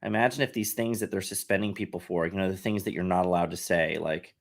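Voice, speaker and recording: A man with a fairly low voice, speaking as a podcast guest. He talks through his points earnestly and at length, often circling back with "like" and restarts. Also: fairly even intonation, fast, gravelly. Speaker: podcast guest, satire site head. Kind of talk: casual podcast conversation.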